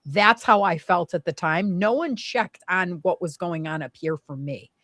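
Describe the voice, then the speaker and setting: A young adult woman telling a painful personal story in conversation, emotional and animated, with many fillers. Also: fairly low pitch, normal speed, no room sound. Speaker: guest.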